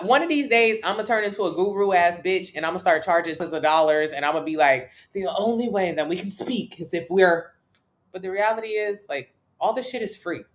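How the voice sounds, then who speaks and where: Lounging on her couch, a Miami livestream host with a mid-range, fairly bright voice responds to viewer comments. She's blunt and doesn't hold back on the swearing.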